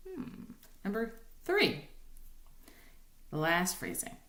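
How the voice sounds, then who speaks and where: A woman's voice: lowish voice, wildly swooping pitch, slow pace, long pauses, a bit bright. Woman cantor teaching, echoey room. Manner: conversational, frequent ums and rhetorical "right?". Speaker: cantor teaching Torah chanting. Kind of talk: informal recorded lesson with sung examples.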